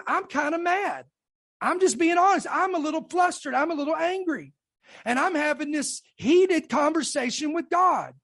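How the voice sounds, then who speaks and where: A woman preacher giving a fervent sermon testimony, emphatic and calling out to her congregation. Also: sits high.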